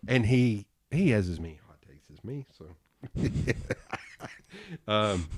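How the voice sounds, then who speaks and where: A man hosting a podcast, chatting casually and telling stories, jumping up in pitch when he acts out what people said. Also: slow. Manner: animated storyteller, acts out quotes with jumps in pitch. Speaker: podcast host and designer. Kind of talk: casual interview chat.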